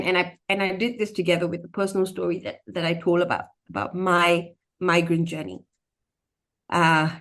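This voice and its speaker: A woman from Singapore, a storyteller speaking animatedly as a podcast guest. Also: on the low side. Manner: animated, expressive, slips into acted voices. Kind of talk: casual interview conversation.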